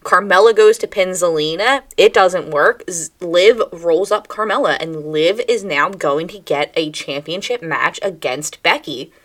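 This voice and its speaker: A woman with a slightly low voice talks through a wrestling show as a podcast co-host. She is blunt and animated and swears casually, in a loose chat. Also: a little slow, few pauses.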